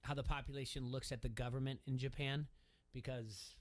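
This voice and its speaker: A male radio host who talks in a rambling, emphatic way and often repeats words. His voice sits at an ordinary middle pitch. He holds the floor in a loose talk-show back-and-forth. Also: fairly even intonation, a little fast.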